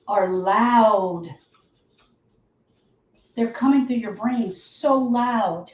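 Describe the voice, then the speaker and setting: A woman's voice: fairly high pitch, expressive, measured pace, roomy sound, poor audio. A woman grief coach teaching on a live show, emphatic and repetitive, speaking straight to her listeners.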